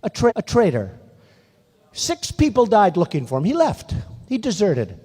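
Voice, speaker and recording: A man's voice: high-pitched, wildly swooping pitch, normal speed, warm tone, slightly rough, big-room sound. An older man giving a rambling, boastful campaign rally speech, talking to the crowd in repetitive asides. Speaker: political candidate at a rally. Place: large rally venue.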